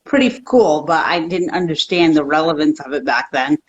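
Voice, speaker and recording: Lower-voiced woman guest, rambling. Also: normal speed, highs cut off, a little hiss or hum. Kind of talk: casual chat.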